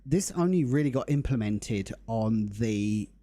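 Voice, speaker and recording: A young man hosts a game live stream. His voice is mellow and warm, at a middling pitch. He chats casually and upbeat, greeting his viewers by name. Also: animated, a little slow, no room sound. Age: young adult. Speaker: livestream host.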